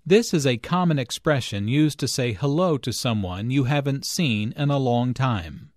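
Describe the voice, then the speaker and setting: A man explaining spoken English phrases in clear, patient scripted narration. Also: medium pitch, animated, moderate pace, a little mellow, dry recording, studio quality. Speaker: English teacher.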